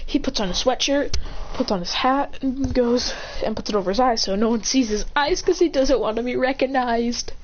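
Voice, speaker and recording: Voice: mid-range voice, normal speed. A storyteller improvising a fan story, rambling and correcting themselves while acting out every voice, on a dull lo-fi recording. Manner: rambling, self-correcting, acts out all voices. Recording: dull lo-fi recording with faint hiss.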